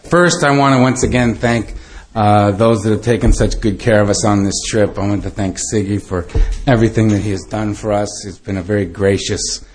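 A man speaking as a guest who thanks his hosts, halting with many ums. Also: on the low side, fairly even intonation, faint music behind. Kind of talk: speech of thanks.

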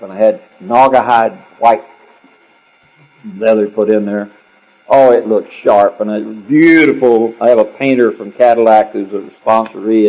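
Gravelly low-voiced man telling a story. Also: mellow. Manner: rambling, conversational, wry. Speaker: speaker sharing his story at a recovery meeting. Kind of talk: storytelling talk. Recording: dull lo-fi recording.

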